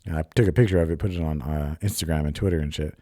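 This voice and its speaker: The young podcast host talks very fast in a very deep, mellow voice, telling a rambling, profane, confessional personal story on his own. It's a casual solo monologue recorded cleanly in a studio with no room sound.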